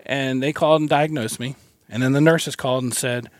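A man sits in a van as a guest, telling his story in a relaxed, halting way and chuckling between thoughts. His voice sits at an average pitch, and the recording is close and dry. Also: no room sound. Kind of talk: casual storytelling. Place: inside a parked van.

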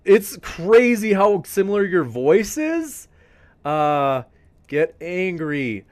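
Male live-stream host, enthusiastic and rambling, fairly high voice. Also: big pitch swings, slow pace. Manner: enthusiastic, rambling, addresses viewers as folks. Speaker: debate show host.

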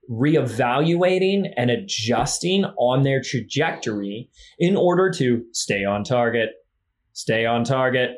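Emphatic male podcast host. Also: medium pitch. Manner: emphatic, repeats key phrases for effect. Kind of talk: enthusiastic podcast interview.

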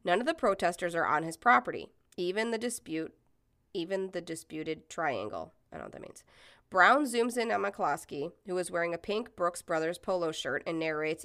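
A young adult woman co-hosts a casual podcast. She reads news articles aloud in a bright, forceful voice, set a little low for a woman. She keeps breaking off into blunt, profane, indignant asides. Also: animated, normal speed. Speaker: podcast co-host.

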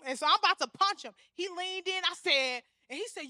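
A woman in her thirties giving an animated, humorous storytelling sermon in a church, speaking straight to the congregation. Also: extremely high pitch, fairly quick, hardly any pauses, no echo, studio quality. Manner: animated, humorous, talks to the crowd as "y'all".

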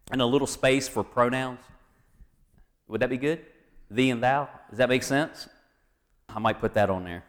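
A man's voice: medium pitch, a bit bright, big-room sound. A man preaching a sermon as pastor, reading scripture with folksy asides and jokes to the congregation.

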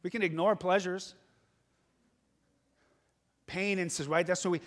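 A man's voice: high-pitched, lively intonation, measured pace, long pauses. A male pastor preaching a sermon, earnest and building to urgent exhortation. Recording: long hall reverb.

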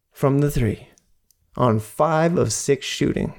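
A male podcast host breaks down a basketball game on his own. He is animated and repeats lines to drive his points home. His delivery is unhurried and drawn out. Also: mid-range voice. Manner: animated, repeats lines for emphasis, mock voices. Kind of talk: solo sports podcast commentary.

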